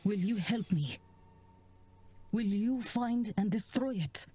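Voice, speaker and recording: A woman's voice: mid-range voice, expressive, breathy edge, dry recording. A grave, haunted woman. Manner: slow, grave, hushed delivery. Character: solemn woman obsessed by a cursed vase. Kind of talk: game character dialogue.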